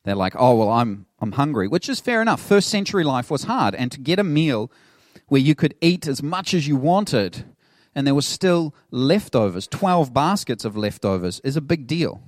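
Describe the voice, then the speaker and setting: A man's voice: on the high side, moderate pace, dry recording, studio quality. A middle-aged man, a pastor preaching a sermon in a casual, conversational way, acting out the people in his story. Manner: conversational, animated storytelling with laughs.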